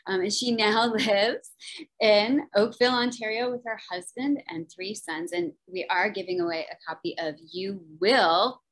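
A woman's voice: medium pitch, unhurried, low-quality recording. A woman from New Jersey hosting a virtual book event on a video call, chatty and enthusiastic. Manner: chatty and enthusiastic, lots of fillers. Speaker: event host and moderator.

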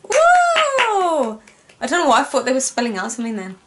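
A young woman, gushing and rambling excitedly as she reacts on camera. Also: on the high side, very fast. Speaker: reaction video host. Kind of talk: casual reaction commentary. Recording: faint music in the background. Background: music playing faintly.

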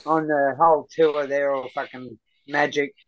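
A man's voice: fairly high pitch, level tone, normal speed, lo-fi sound, noisy background. An Australian man hosting a podcast, chatting casually and telling rambling, sweary stories over drinks. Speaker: podcast host.

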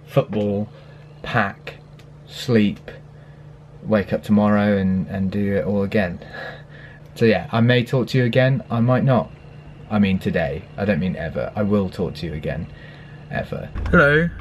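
A young man, a touring musician, talking casually to camera in a rambling, self-deprecating way with lots of fillers, first indoors at home and then outdoors at a football pitch. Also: slight background noise. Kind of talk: casual vlog talk to camera.

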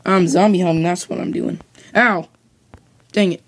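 A gamer chatting casually during a co-op game, bossy and teasing, breaking into excited whoops. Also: medium pitch, moderate pace, slight background noise. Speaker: let's play gamer. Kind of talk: casual co-op gaming chat.

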